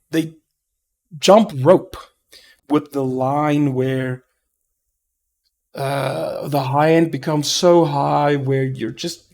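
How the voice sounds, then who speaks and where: A man giving a rambling, profane headphone review, often stopping to correct himself and getting excitable. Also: a little high. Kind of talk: casual review monologue.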